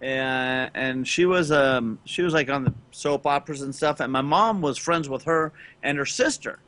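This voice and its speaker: A man from Los Angeles telling a rambling story on a gaming podcast, loudly acting out the people in it. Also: mid-range voice, normal speed. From Los Angeles, California. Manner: rambling anecdote with loud acted-out quotes. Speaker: podcast co-host. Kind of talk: casual storytelling chat.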